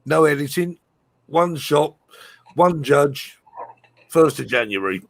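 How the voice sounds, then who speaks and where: A man's voice: fairly high pitch, animated, slow, gravelly, fairly bright tone, dry recording. A man hosting a live drone chat show, chatting casually and often repeating words as he thinks. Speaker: show host.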